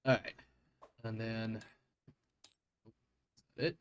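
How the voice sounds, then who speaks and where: A man's voice: fairly low pitch, little pitch movement, slow, a little hiss or hum. A man narrating as game master of a tabletop game, rambling with fillers and self-corrections.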